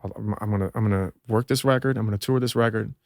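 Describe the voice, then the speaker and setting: A rapper from Minnesota, talking as a podcast guest in a laid-back, loose, profane way. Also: male voice, on the low side, fairly even intonation, racing, vocal fry, darkish tone, no echo, studio quality. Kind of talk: casual chat.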